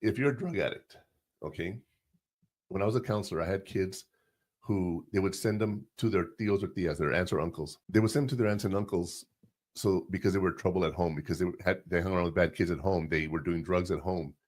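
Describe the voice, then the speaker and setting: A man's voice: low voice, fairly quick, darkish tone. A middle-aged man hosting a casual podcast, giving advice through rambling personal anecdotes. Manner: tells rambling personal anecdotes, acts out quotes. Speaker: podcast host.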